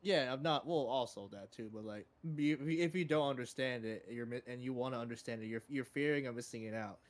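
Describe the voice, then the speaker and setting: A man chatting on a podcast with his friends, cracking jokes and reacting with laughter and quick exclamations. His voice sits in a mid register. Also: medium pitch. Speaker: podcast co-host. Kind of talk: casual chat among friends.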